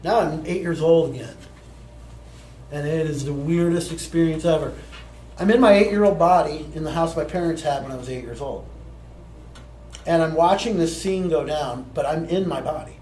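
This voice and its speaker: A man in his forties tells a story to a gathered group. His voice sits a little high for a man, and he talks casually, tossing in tag questions. The sound is roomy and echoey, with faint ambience behind it. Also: moderate pace, a little mellow, slight background noise. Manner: conversational, peppered with tag questions. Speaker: plant medicine teacher. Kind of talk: storytelling talk to a live group.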